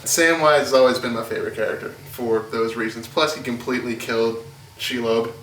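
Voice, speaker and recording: A man's voice: medium pitch, fairly quick, fairly bright tone, rough recording. A young man hosting, chatting and joking as he interviews fans at a movie premiere. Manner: joking, upbeat questioning. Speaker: host doing premiere interviews. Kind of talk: casual chat and interviews.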